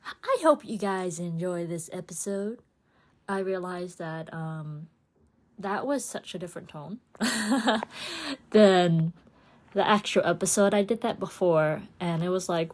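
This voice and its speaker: A woman's voice: mid-range voice, slow, long pauses, darkish tone. A woman hosting her own podcast in a casual, rambling solo chat, laughing often and slipping into playful voices for her own thoughts. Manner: chatty and rambling, with frequent laughs and playful inner-voice asides. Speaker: podcast host.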